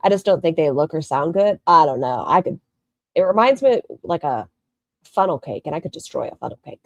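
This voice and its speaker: Snarky low-voiced woman streamer. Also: sing-song, a little fast, a little mellow, no echo, highs cut off. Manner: snarky, mocking, swears freely. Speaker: commentary streamer. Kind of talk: reaction commentary.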